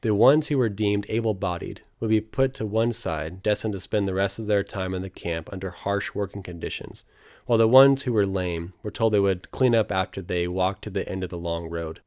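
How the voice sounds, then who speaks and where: A man reading his travel memoir aloud as scripted narration, in a quiet, somber storytelling manner. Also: sits low, normal speed, no echo, studio quality.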